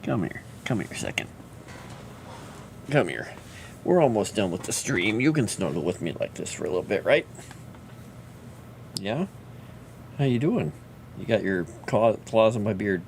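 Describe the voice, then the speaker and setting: A man's voice: on the low side, big pitch swings, moderate pace, gravelly, pauses often, a little mellow, a little hiss or hum. A man chatting casually on a livestream, talking fondly to his pet and his viewers. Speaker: livestreamer and fantasy lore writer.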